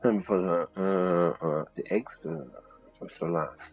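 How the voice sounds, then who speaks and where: Lively male English teacher. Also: low voice, takes it slowly. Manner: lively, explains aloud, thinks out loud. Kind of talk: live-stream lesson while playing a game. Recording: slightly dull, faint music.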